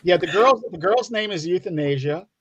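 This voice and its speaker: A man's voice: high voice, animated, normal speed, fairly bright tone, breathy edge, dry recording, highs cut off. A man, a comic book writer, chatting on a video-call livestream, rambling with lots of restarts and fillers. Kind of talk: casual chat on a livestream.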